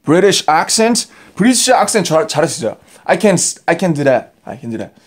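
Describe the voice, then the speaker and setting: A man's voice: a little high, sing-song, racing, hardly any pauses. A man chatting playfully and casually, switching between two languages.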